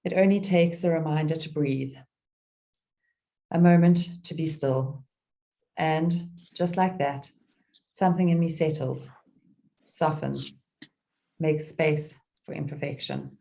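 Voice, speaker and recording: A middle-aged woman guides a meditation in a soft, unhurried voice, leaving gentle pauses between phrases. Her tone is low and warm. She reads a poem with the same calm, soothing care. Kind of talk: guided meditation with a poetry reading.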